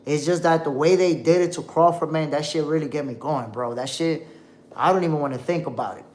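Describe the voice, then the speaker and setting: Profane, heated boxing show host. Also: male voice, fairly high pitch, a little fast, a little mellow. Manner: addresses viewers as "my peoples". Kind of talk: casual livestream commentary.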